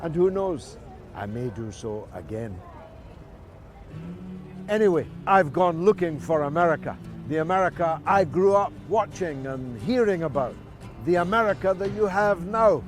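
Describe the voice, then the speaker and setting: A man's voice: sits high, moderate pace, faint music behind. A man in his sixties with a Scottish accent, giving a scripted to-camera introduction as a presenter in a dramatic orator's delivery.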